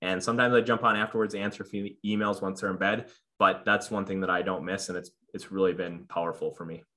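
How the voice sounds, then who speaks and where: A man in his thirties talks earnestly as a podcast guest in a casual interview, using plenty of fillers and restarts. His voice sits low with a steady tone, and he speaks quickly, sounding bright and forceful.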